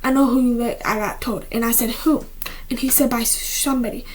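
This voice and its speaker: The girl chatting casually at home as a vlogger speaks on the high side, steady in tone and a little fast, with some hiss or hum present. She rambles indoors, keeps restarting, and often slips into a whisper.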